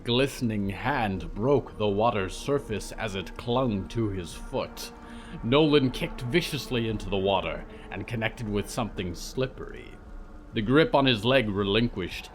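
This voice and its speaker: A man narrating a scripted fiction story in a calm, even voice. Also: lowish voice.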